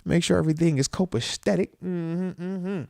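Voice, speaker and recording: A man's voice: high-pitched, moderate pace, creaky, no room sound. A man in his thirties hosting a casual live-streamed football talk show, loose and slangy, dropping "man" into nearly every sentence, close to the microphone. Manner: animated, with playful asides. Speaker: host of a football talk livestream. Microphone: close microphone that picks up breaths.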